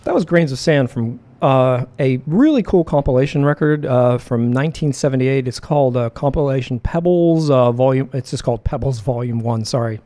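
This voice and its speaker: Radio dj guy, mellow dark voice, rambly, lots of uhs, keeps hiccuping. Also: mid-range voice, faint music behind. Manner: rambling, self-correcting with many filler pauses. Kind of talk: casual radio show back-announcing.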